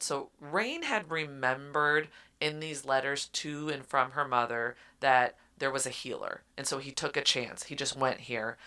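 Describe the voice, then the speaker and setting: Low, bright-voiced woman recapping a book. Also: clear, resonant tone. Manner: animated retelling, acting out characters' lines with laughs. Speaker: podcast co-host. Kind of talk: casual book recap chat.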